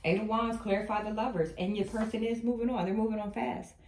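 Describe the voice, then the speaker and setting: A woman's voice: medium pitch, fast talker. Emphatic woman giving a tarot reading. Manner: emphatic, repetitive, animated storytelling. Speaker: tarot reader. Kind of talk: spiritual tarot reading to viewers. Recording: echoey room, faint noise.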